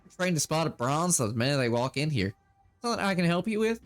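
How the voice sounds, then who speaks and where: A man's voice: a little high, very animated, fast talker, soft background music. Cherry Bomb, a man doing a drawling elf barmaid. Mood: wry. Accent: faux Southern American. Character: sweet-talking young elf barmaid, sly and tired. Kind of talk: game text read aloud in character.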